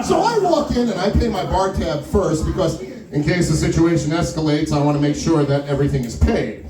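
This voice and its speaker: A man performing stand-up, telling a story in an animated way and acting out the other people's lines. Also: a little high, fairly quick. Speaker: stand-up comedian. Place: small wine lounge stage. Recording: echoey room with mic far off, crowd audible. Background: audience laughter and crowd chatter.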